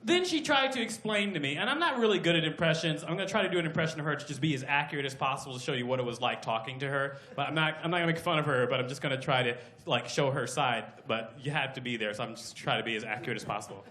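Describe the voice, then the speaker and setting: A man performing a stand-up comedy routine on a club stage, talking in excitable loud bursts and putting on voices for his characters. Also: mid-range voice, rapid-fire, few pauses, slight background noise. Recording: roomy live club sound, crowd laughter.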